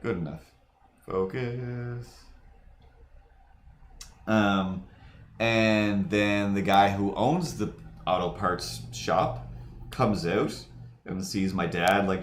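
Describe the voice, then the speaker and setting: A man's voice: low voice, reverberant, slight background noise. A man hosting a livestream, chatting casually while he draws and wandering off into long, digressive stories. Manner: rambling, digressive storyteller. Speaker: livestream host.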